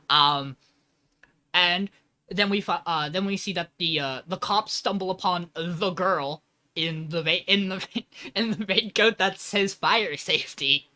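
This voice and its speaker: Guy on a podcast mic, bright forceful voice, talks fast and animated, acts out the lines. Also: high voice. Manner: animated recapping, acts out quoted lines, swears casually. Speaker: podcast host. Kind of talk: casual podcast chat.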